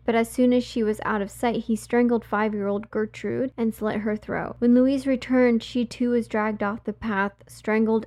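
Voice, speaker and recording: A woman's voice: mid-range voice, darkish tone. Chatty young woman telling true crime. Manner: chatty, swearing, acts out quoted voices. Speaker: true crime podcast host. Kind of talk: casual storytelling.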